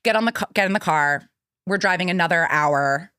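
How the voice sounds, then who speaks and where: A young woman tells a story on a casual podcast. She talks animatedly and jumps up high when she acts out what people said. Her voice is recorded close and dry. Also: fairly quick, smooth, no room sound. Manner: animated storyteller acting out quotes in a high excited voice. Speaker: podcast co-host.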